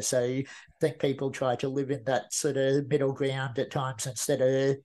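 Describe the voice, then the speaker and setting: A man's voice: medium pitch, little pitch movement, normal speed, a little mellow. A man, a podcast guest talking earnestly and reflectively, often restarting his sentences. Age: 40s. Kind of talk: casual interview talk.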